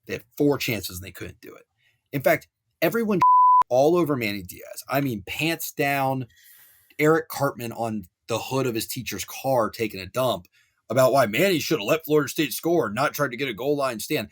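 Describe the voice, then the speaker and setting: A young man on a sports podcast, getting worked up and ranting about college football. His pitch sits in a middle range, and he stretches phrases out for effect. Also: normal speed. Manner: animated ranting with wrestling and pop culture riffs. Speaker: podcast co-host.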